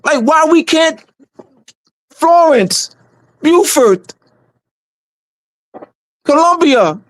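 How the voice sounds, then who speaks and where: A man's voice: very high-pitched, fairly bright tone, no room sound. A man speaking on a community livestream in a casual, emphatic way, repeating phrases for stress.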